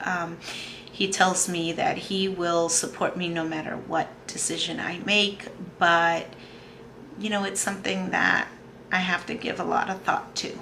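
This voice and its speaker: A woman in her thirties talks to her camera in a video diary, emotional and close to tears. Her voice is low-pitched yet bright, with a gravelly edge, and she speaks slowly with many pauses. A faint background noise runs under the recording. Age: 30s. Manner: soft, halting, tearful-sounding talk with many pauses and fillers. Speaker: vlogger.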